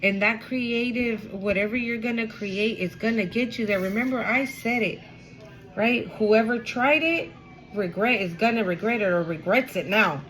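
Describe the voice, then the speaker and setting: A woman's voice: fairly high pitch, normal speed, a bit bright, rough recording. A woman giving a casual, emotional spiritual card reading to her viewers, repeating herself and swearing now and then. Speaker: tarot reader.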